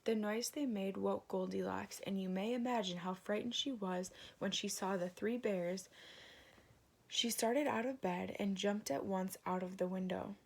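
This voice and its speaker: Lady reading a fairy tale out loud, gentle, lots of vocal fry, mid pitch. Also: unhurried. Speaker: storyteller. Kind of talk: storybook read-aloud.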